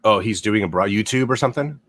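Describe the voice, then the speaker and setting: A man's voice: on the low side, quick pace, fairly bright tone. A man hosting a casual livestream, swearing freely and rambling as he talks through gossip. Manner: profane, rambling, blunt. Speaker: livestream host.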